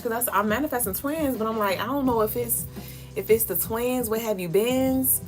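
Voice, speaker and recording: A woman's voice: on the high side, moderate pace. A young woman co-hosting a spiritual livestream, talking candidly in slangy casual chat, swearing offhand, laughing often, and reading viewer comments aloud. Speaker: livestream co-host. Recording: music playing clearly behind.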